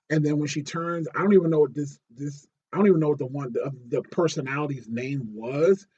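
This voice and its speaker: A man's voice: a little high, mellow, husky, muffled recording. A man casually reviewing a TV episode, rambling with fillers and restarts and getting worked up when he retells scenes. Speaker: TV show reviewer.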